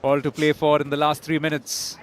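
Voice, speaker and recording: A man commentating live on a boxing bout, giving measured, analytical play-by-play. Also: a little high, completely flat delivery.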